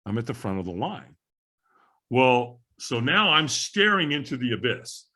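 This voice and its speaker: A man telling his life story as a podcast guest, animated and acting out the voices of the people in it. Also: medium pitch, a little slow, breathy edge. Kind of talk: storytelling in casual interview.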